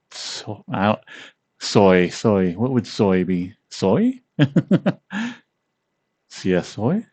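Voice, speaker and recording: Slow-talking giggly man streamer. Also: on the low side, expressive, darkish tone, no echo. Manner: giggly, playful, laughs often. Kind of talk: casual stream chat.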